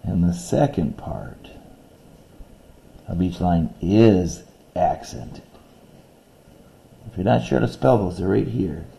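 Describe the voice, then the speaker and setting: A male teacher recording a lesson video, patiently explaining a poem step by step and reading its lines aloud slowly. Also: sits low, expressive, creaky, warm tone, slight background noise.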